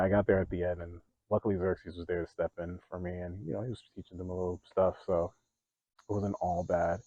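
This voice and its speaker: A young man with a low, dark voice tells stories from his own life in a relaxed vlog, laughing and getting loud when a story gets exciting. The sound is dry and close, with a dull, lo-fi tone. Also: no room sound. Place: outdoors.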